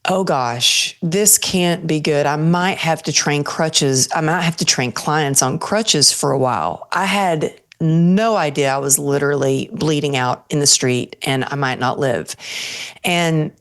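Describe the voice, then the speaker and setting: A woman's voice: sits low, measured pace. A woman guest on an interview show, earnestly telling a personal story and acting out her own thoughts as she goes.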